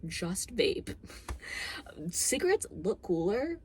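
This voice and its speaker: A young woman ranting casually about a movie, sarcastic and expressive, swearing often. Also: fairly low pitch, moderate pace, slight background noise. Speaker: movie reviewer.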